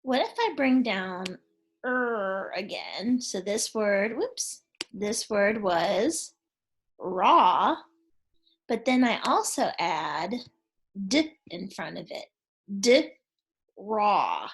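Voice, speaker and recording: A woman's voice: mid-range voice, animated, slow, a bit bright, husky. A woman teacher giving a phonics lesson to young children. She is patient and encouraging and has them repeat sounds back to her.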